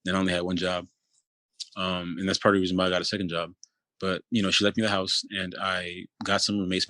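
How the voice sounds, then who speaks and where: A man in his thirties from the Philadelphia area, telling his own story as an interview guest in a halting, loose way full of restarts. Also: low-pitched, fairly bright tone, no room sound. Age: 30s. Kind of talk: telling a personal story in conversation.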